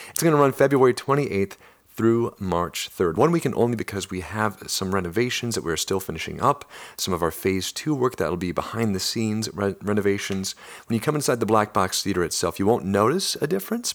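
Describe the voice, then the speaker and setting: A man with a Midwestern accent, hosting a theater company's podcast and announcing its coming season in an upbeat, chatty way with frequent "uh" fillers. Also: sits low. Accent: Midwestern American. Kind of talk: solo promotional podcast announcement.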